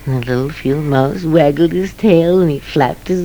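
A woman telling a folk tale in an animated, dramatic way with whispered asides. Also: sits low, moderate pace, hardly any pauses, poor audio. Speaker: storyteller. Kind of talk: expressive told folk tale.

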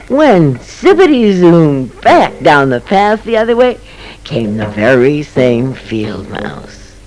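Woman storyteller, low and mellow, slow, animated and dramatic. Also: low-quality recording. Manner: animated, dramatic, with whispered asides. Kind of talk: expressive told folk tale.

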